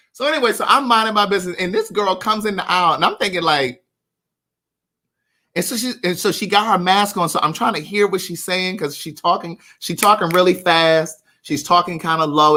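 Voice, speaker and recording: A man's voice: sits high, sharp tone. A man hosting a livestream, telling a story casually and animatedly while addressing viewers by name. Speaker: livestream host.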